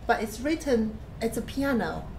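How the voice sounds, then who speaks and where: A woman with a somewhat high voice gives a piano masterclass critique in patient, simple phrasing. She counts beats and hums phrases to make her points. Loud piano playing sits behind her voice. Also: lively intonation, moderate pace, gravelly. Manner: patient, plain instructive phrasing, hums and counts passages aloud. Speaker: piano teacher. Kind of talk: masterclass feedback on a recorded performance.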